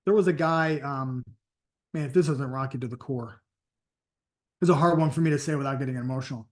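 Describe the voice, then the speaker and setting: A man's voice: medium pitch, a little fast. A man coaching on sales and prospecting, telling stories in an emphatic, conversational way. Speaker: sales and network marketing coach. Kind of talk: motivational training talk.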